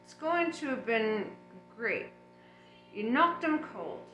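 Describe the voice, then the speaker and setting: A woman doing a hushed gruff bodyguard. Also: fairly high pitch, very animated, slow, roomy sound, faint music behind, exaggerated voice, poor audio. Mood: gruff muttering. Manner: hushed whispering. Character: hulking menacing male bodyguard, blunt and gruff.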